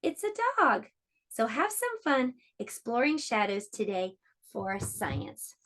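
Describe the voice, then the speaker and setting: A woman teaching an online preschool lesson, speaking slowly and encouragingly to small children. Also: on the high side, very animated, fairly bright tone. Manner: slow, encouraging, clearly explaining to small children.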